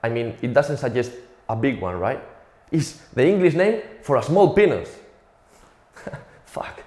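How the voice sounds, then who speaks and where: A man's voice: medium pitch, very animated, normal speed, darkish tone, roomy sound. A young man from Spain with a Spanish accent, telling a profane, self-mocking stand-up comedy routine.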